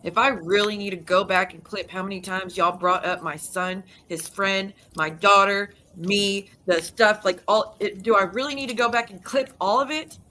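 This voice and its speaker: Swearing and interrupting herself mid-sentence, a woman YouTuber delivers a heated rant to her audience with rapid restarts. Her mid-range voice is steady, bright, and forceful.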